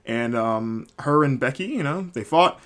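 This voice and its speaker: A man's voice: mid-range voice, lively intonation, unhurried, a bit bright. A man hosting a solo wrestling recap podcast, rambling casually with many fillers and restarts. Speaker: podcast host.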